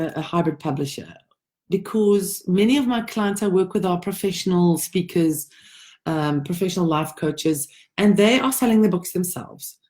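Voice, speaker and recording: A woman's voice: medium pitch, darkish tone. A woman working as a writing coach, giving informal advice to writers in a conversational, emphatic way, sometimes restarting her phrases.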